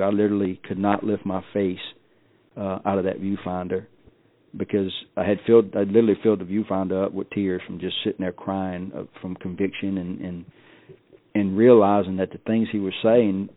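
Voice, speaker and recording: Gravelly low man on a tinny line. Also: little pitch movement. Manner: folksy, repeats words, halting restarts. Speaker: podcast guest. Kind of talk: personal storytelling. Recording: dry, phone-like tinny sound.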